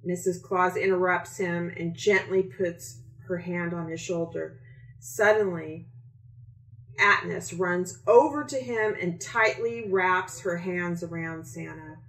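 A woman author reading her children's book aloud, slow and expressive. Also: lowish voice. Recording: echoey room.

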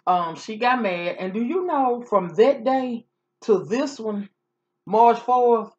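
A woman's voice: a little high, expressive, slow, a little mellow, muffled recording. A woman vlogger chatting casually through a story, sassy and repetitive.

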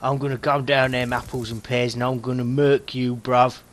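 A man's voice: mid-range voice, flat delivery, normal speed, natural voice. A man putting on a cocky mock cockney geezer voice, full of exaggerated rhyming-slang bravado. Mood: cocky taunting.

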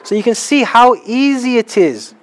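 A young man preaching a sermon in a small house church, animated and acting out little scenes as he talks. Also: very high voice, moderate pace. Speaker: pastor.

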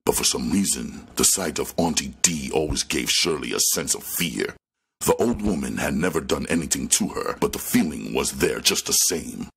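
Man reading a novel aloud, very deep voice, lively delivery, husky tone. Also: normal speed. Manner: expressive storytelling narration. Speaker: audiobook reader.

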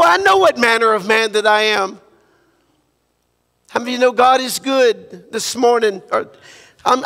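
High-voiced, gravelly impassioned preacher man. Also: sharp tone, big-room sound. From Louisiana. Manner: impassioned preaching, repeats phrases, ends in prayer. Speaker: guest pastor. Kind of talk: sermon. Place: church sanctuary.

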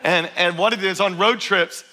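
A male pastor preaching a sermon in church, energetic and joking with his congregation. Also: high voice, moderate pace, a little hiss or hum.

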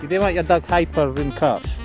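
Music plays behind this Scottish man as he chats on a live stream while walking his dog outside in a park and along roads. His voice is fairly high and a little fast, and the casual talk is full of jokes, swearing and sharp commands snapped at the dog.

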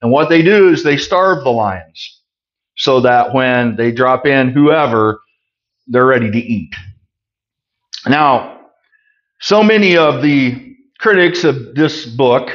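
A man's voice: medium pitch, lively intonation, slow. Conversational male Bible teacher, muffled sound. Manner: conversational, reads scripture then explains it plainly. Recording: muffled lo-fi recording.

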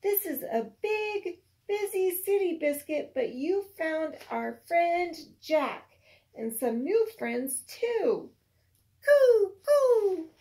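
A woman teacher with a very high, light voice reads a picture book aloud to a young child. She takes her time, gentle and sing-song, and talks to the child with patient encouragement. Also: lively intonation, takes it slowly.

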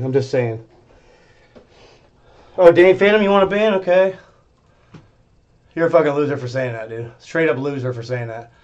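A man with a high voice for his sex rants at his live-stream chat. He is profane and confrontational, dropping to sullen mutters, then rising to yelling. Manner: swings between muttering and yelling. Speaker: livestreamer.

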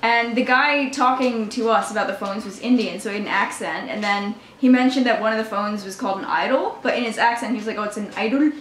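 Young woman vlogging a story, kinda high voice, swears a lot, laughs, echoey room. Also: brisk, hardly any pauses, a bit bright. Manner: swears freely, laughs often, mocks by quoting others. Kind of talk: casual storytime vlog. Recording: echoey room with faint noise.

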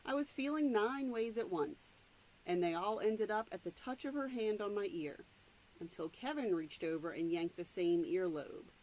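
A woman's voice: mid-range voice, lively intonation, a little mellow, rough recording. A woman reading a novel aloud, stopping now and then to explain the story in her own words. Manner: plain, unhurried read-aloud narration with asides. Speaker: reader.

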